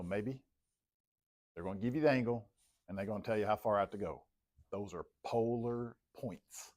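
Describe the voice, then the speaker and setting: A man's voice: lowish voice, darkish tone. A man teaching a classroom lesson, working problems on the board and calling on students by name. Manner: talking while plotting on the board, quizzing students by name. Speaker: math teacher. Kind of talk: classroom lecture.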